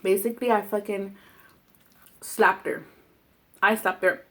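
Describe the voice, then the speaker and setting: A woman's voice: mid-range voice, steady tone, a little slow, a bit bright. A woman in her twenties telling a heated personal story while eating, blunt and profane. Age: 20s. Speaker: vlogger.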